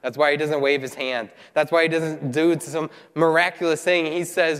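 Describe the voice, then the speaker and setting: Male preacher, fairly high voice, lively sermon delivery, long hall echo. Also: moderate pace, few pauses, clear, resonant tone. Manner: animated, voices the characters while retelling. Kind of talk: sermon with scripture reading.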